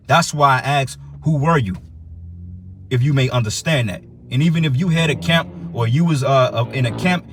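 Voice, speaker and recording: A man's voice: medium pitch, a little hiss or hum. A man teaching for a religious camp, giving a heated, profane preaching rant that reads and explains scripture.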